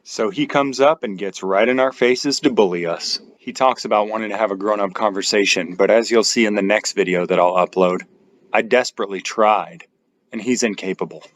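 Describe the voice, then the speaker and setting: Low-voiced man narrating calmly. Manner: measured, explanatory. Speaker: channel narrator. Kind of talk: scripted voice-over narration.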